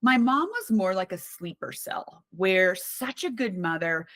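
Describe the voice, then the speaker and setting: A woman on a podcast as a guest, talking in a candid, animated, conversational way with frequent restarts. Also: medium pitch, measured pace, dry recording. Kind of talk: casual conversational storytelling.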